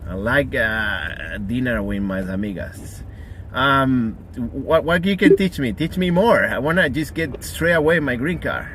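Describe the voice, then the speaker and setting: A man's voice: mid-range voice, lively intonation, unhurried, fairly bright tone, a little hiss or hum. A man streaming, joking around casually and swearing freely while he practices phrases.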